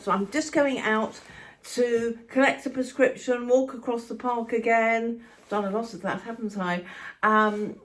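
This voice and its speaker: An older woman from England chatting casually to her phone camera, rambling and affectionate, walking about outdoors and at home. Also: medium pitch. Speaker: vlogger.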